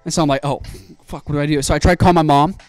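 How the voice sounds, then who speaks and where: A young man streaming while he builds a PC, telling an animated story with plenty of swearing. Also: fairly high pitch, rapid-fire, no room sound, soft background music.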